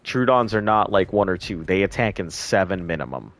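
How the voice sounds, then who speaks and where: Low-voiced male game streamer, casual. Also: sing-song, fairly quick. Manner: mutters quietly to himself while playing. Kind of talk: casual gameplay chat.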